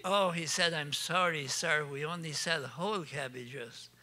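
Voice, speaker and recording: An older man with an Acadian French accent tells jokes on stage in a folksy way. His voice sits high and sounds very bright and forward. He laughs at his own punchlines. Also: unhurried. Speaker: storyteller. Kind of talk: comic storytelling on stage.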